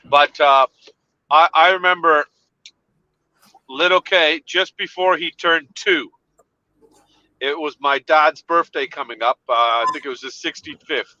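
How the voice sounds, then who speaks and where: A man telling an animated story in a casual chat, laughing along as he goes. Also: on the high side, a little slow, pauses often, no echo, highs cut off.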